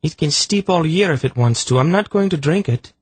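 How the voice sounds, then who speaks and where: A man's voice: fairly high pitch, lively intonation, a little fast, a little hiss or hum, pitched above the performer's own voice, close to an everyday voice. A man voicing a petulant, sarcastic young woman confined to her sickbed in an audiobook. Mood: defiant. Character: sulky, sharp-tongued young woman stuck in a sickbed. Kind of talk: audiobook character voice.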